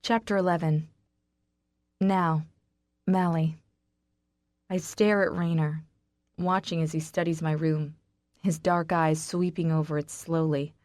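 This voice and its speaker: A woman reading a first-person romance audiobook in an intimate, steady way. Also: sits low, measured pace, pauses often, no echo, clean studio sound. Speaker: audiobook narrator.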